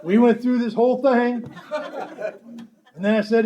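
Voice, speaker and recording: Blunt, wry man with a high voice. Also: steady tone, unhurried, background noise. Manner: blunt, wry, acts out quoted dialogue. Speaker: recovery meeting speaker. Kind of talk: storytelling talk to a convention audience.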